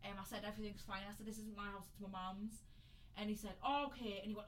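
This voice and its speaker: A woman's voice: medium pitch, fast talker, low-quality recording. A woman co-hosting a podcast, chatting casually and telling a story while acting out the quotes. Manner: chatty, animated, acts out quotes. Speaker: podcast co-host.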